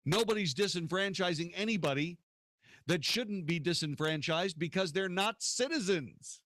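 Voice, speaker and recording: A man's voice: high voice, moderate pace, a bit bright, dry recording, clean studio sound. A man hosting a political talk radio show, arguing his points in a combative way and firing off rhetorical questions.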